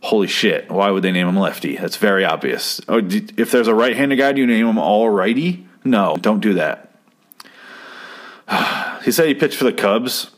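A man with a fairly low voice talks through an old TV episode in loose, profane commentary. He is sarcastic and rambling, and slips into the characters' lines as he quotes them. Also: expressive, normal speed. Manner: sarcastic, rambling, swears freely, acts out quotes. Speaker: podcast host reviewing an old TV episode.

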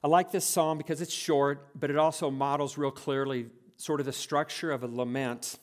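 A man preaching an earnest evening sermon as pastor, reading scripture aloud with slowed, weighty emphasis. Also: a little high, fairly even intonation.

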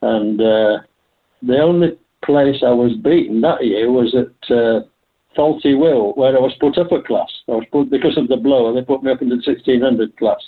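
A man's voice: medium pitch, normal speed. Older man on a tinny phone line. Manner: chatty anecdotal storytelling with frequent laughs. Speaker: guest, veteran hill climb driver. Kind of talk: conversational interview.

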